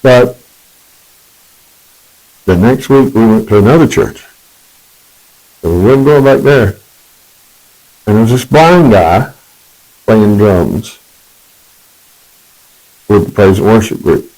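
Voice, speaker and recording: A man's voice: fairly low pitch, lively intonation, takes it slowly, long pauses, a little mellow, poor audio. A man telling his personal testimony in a rambling, conversational way, correcting himself as he goes.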